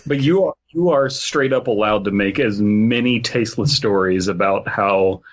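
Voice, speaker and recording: A man's voice: fairly low pitch, moderate pace. A man co-hosting a podcast, chatting playfully and reading a story aloud. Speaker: podcast co-host. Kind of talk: casual group chat.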